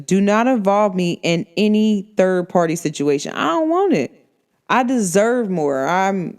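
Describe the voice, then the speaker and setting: A woman hosting a podcast, talking casually and acting out the people in her stories. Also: mid-range voice. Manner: animated storytelling, acts out quoted people. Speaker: podcast host. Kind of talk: casual monologue.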